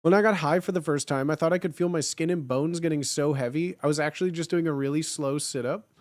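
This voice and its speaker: A man's voice: a little high, quick pace, no room sound. A young man in his twenties chatting casually and jokingly on a live stream, reading and answering chat. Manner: animated, jokey, slangy.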